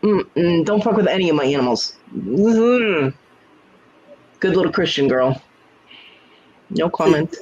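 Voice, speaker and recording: A man's voice: fairly high pitch, lively intonation, measured pace, long pauses, a little mellow, lo-fi sound. A man hosting a casual livestream chat from home, telling blunt, profane stories. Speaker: livestream host.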